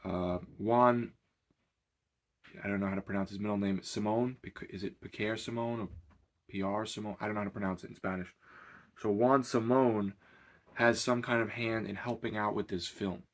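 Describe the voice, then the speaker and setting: A man's voice: lowish voice, steady tone, moderate pace. Rambling man giving a casual movie review. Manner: rambling and conversational, with many fillers. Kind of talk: casual spoken film review.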